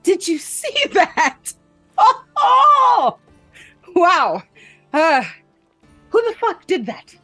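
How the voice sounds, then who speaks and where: A woman's voice: very high-pitched, very slow, long pauses, dry recording, soft background music, full character voice. A woman voicing a brash, showy bard who curses and boasts, then slips into sly musing. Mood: outraged. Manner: excitable, swearing, drops into sly musing. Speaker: player.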